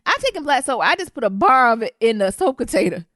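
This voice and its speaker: Brief: woman podcast co-host, fired-up profane storyteller, higher voice that swoops, dry close sound. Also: fast, no room sound. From Detroit. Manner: indignant, profane, animated storyteller. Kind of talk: casual storytelling chat.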